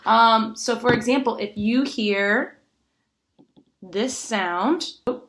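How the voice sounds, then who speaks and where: A woman teacher recording an online lesson for children, animated and full of gasps and rhetorical questions. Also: fairly high pitch, slow, very noisy.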